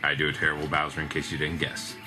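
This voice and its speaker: A man's voice: very deep voice, completely flat delivery, fast. A young man giving casual, joking, sarcastic and profane commentary while playing a video game with his sister. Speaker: let's play gamer. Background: game music.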